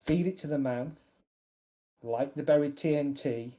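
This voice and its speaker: A man voicing a calm, matter-of-fact man who plans to blow up a monster, speaking flatly and without emotion. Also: on the high side, natural voice, rough recording. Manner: flat, unemotional, deliberate.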